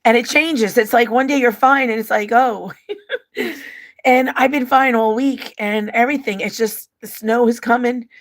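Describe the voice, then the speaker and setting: A woman's voice: fairly high pitch, fairly even intonation, moderate pace. A woman hosting a livestream, reading out viewer comments and her own personal letters in an open, emotional way. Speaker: livestream host.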